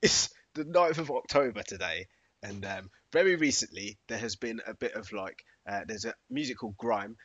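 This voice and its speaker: A man's voice: fairly low pitch, moderate pace, a bit bright, breathy edge, no room sound, highs cut off. A man, casually chatting on a podcast, laid-back and slangy, often laughing. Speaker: podcast co-host. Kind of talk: casual chat.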